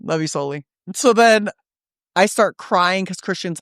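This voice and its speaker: A woman's voice: medium pitch, fairly quick, no room sound, studio quality. A woman guest on a podcast, telling stories animatedly and swearing freely, acting out what people said. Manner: animated, acts out quotes in shifting voices, swears freely. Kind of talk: casual storytelling chat. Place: podcast studio.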